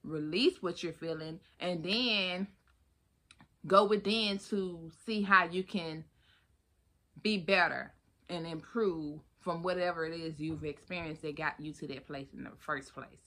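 A woman hosting her own podcast in a casual solo chat, animated and expressive, calling listeners honey and baby. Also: lowish voice, measured pace. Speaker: podcast host.

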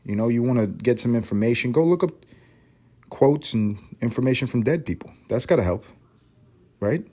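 A man's voice: medium pitch, lively intonation, moderate pace, mellow. Profane, rambling man hosting a podcast. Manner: profane, rambling, self-mocking. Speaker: podcast host. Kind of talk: casual solo podcast monologue.

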